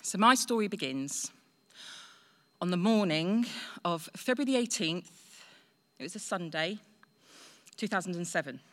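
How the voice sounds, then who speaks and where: A woman's voice: fairly low pitch, animated, moderate pace, pauses often, a bit bright. A woman in her forties telling a personal story in a chatty, self-deprecating way. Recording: long hall reverb.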